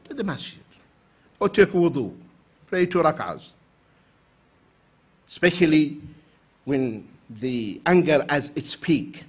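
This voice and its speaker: Animated lecturer from the Emirates. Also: male voice, on the high side, breathy edge. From United Arab Emirates. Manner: animated storyteller, acts out quoted voices for humor. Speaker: Islamic lecturer. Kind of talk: conference lecture with acted anecdotes.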